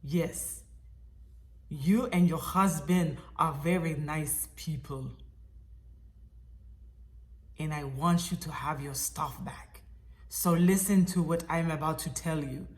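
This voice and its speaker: A woman doing a calm Russian-accented man. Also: a little high, takes it slowly, pauses often, pitched below the performer's own voice. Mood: calm, earnest. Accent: put-on Russian.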